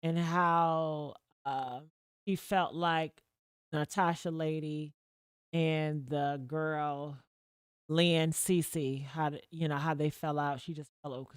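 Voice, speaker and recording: A woman hosting a livestream, chatting casually with her viewers in a profane, gossipy way with sudden loud outbursts. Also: low-pitched, fairly even intonation, takes it slowly, clean tone, no echo, clean studio sound. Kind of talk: casual gossip commentary to a live chat.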